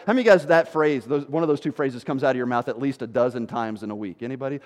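A man in his forties preaching a sermon as pastor, animated, acting out what people say. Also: high voice, quick pace, hardly any pauses, big-room sound. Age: 40s. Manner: animated preaching, quoting people in put-on voices.

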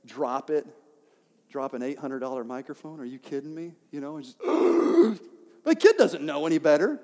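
A man's voice: on the high side, a little mellow. A young man preaching a sermon in a church, talking animatedly and asking the congregation questions. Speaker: pastor. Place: church sanctuary. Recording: long reverb of a church hall.

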